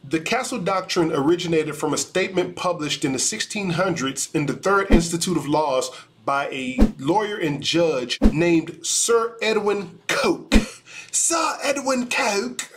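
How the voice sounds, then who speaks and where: A man, an attorney, giving measured, explanatory legal commentary on a video. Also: a little high, slight background noise.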